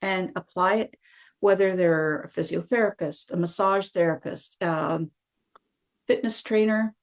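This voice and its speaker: A middle-aged woman, a guest telling her own story in a lively conversational way and acting out what she thought at the time. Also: on the low side, a little slow. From Canada. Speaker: guest, wellness practitioner.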